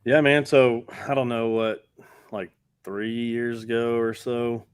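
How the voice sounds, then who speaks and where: A man, a Marine veteran podcast guest, talks in an earnest, measured way. His voice is lowish and very even, with little rise or fall. It comes through smooth and clear, dry and close to the mic. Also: dry recording. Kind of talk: casual podcast chat.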